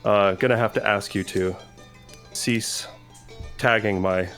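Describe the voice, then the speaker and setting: A proud tavern keeper guards his tables with a low, dry, politely threatening voice, played by a man in a tabletop game. His tone stays measured and deliberate. Faint guitar music plays in the background. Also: close to an everyday voice. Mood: stern polite. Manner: dry, veiled menace.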